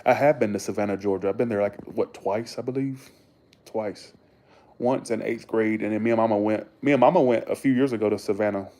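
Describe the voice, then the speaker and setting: Young guy rambling to his viewers, mellow dark voice, cusses a lot, gets all excited. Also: lowish voice, fairly quick. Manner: rambling, enthusiastic, swears freely. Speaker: vlogger talking to viewers. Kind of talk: casual chat.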